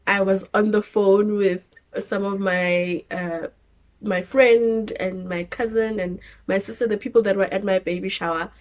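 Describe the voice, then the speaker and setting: A young woman with a South African English accent tells a personal story in a lively, casual way. She slips into acted voices and laughs at herself, and her pitch sits at a middle level for a woman. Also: unhurried. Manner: animated, acts out her own screams and quotes with laughter. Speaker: vlogger telling her birth story.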